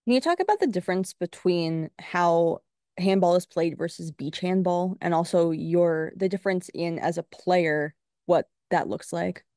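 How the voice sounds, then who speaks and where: Low, mellow-voiced woman host. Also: normal speed, no echo, studio quality. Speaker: podcast host. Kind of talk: interview questions.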